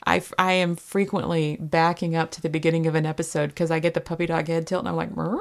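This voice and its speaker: Giggly gravelly woman podcaster. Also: low-pitched, flat delivery, quick pace. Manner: bubbly, giggly, playful exclamations. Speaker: podcast co-host. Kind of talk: casual podcast chat.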